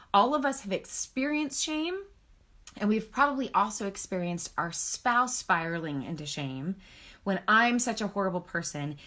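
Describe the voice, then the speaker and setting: An earnest woman counselor is teaching on a casual live video stream, and her voice sits in a middle range. She speaks in a warm, encouraging way to her viewers. She often checks in with a quick "okay?" and reads their comments aloud. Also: mid-range voice. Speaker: marriage counselor and author hosting a book club live stream.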